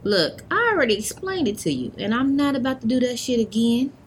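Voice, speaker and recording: A woman playing a sassy, outspoken young adult with a drawling, expressive delivery. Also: fairly quick, husky. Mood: scolding. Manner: sassy and outspoken, swinging between drawl and high exclamations.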